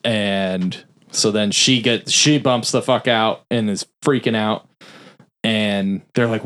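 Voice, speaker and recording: A man's voice: on the low side, steady tone, fairly bright tone. A man casually recapping a film's plot on a podcast, swearing freely and acting out the characters' lines. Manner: loose, profane plot recap with quick voiced-out quotes. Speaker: podcast host recapping a film. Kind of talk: casual film review chat.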